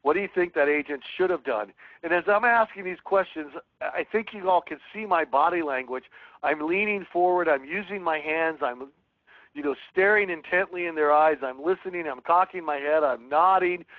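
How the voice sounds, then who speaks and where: Male webinar trainer, higher-pitched, earnest, heard through a tinny phone line. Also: normal speed, no echo. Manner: earnest, reads sample calls aloud and coaches. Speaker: real estate sales trainer. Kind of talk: webinar teaching with script role-play.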